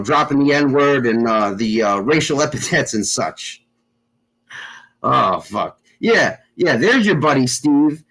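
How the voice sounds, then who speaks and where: A man's voice: medium pitch, sing-song, measured pace, fairly bright tone, rough recording. A man hosting a casual chat show, rambling with lots of fillers and constant swearing. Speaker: show host.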